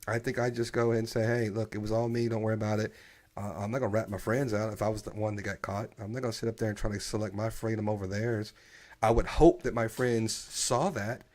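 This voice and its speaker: A man hosting a casual live-streamed podcast chat, opinionated and animated, often restarting his sentences. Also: on the low side. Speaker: podcast host.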